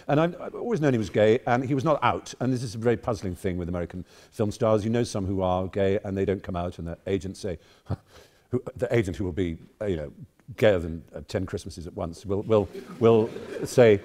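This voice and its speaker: A man's voice: fairly low pitch, fairly quick, a little mellow. A man in his fifties with an English accent, giving an erudite, wry, digressive speech to a debating society audience. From England. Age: 50s. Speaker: guest speaker.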